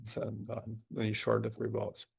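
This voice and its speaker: A middle-aged man hosts a resume workshop webinar, thinking aloud and halting often, restarting as he types prompts on screen. His voice is fairly low, monotone and creaky, a bit mellow and slightly rough.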